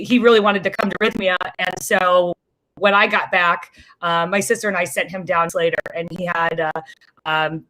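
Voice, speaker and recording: A woman from a small town outside Chicago telling a story in casual chat, lively and joking, acting out the other people's voices. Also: mid-range voice. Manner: animated, acts out quoted voices, self-described jokester. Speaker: interview guest.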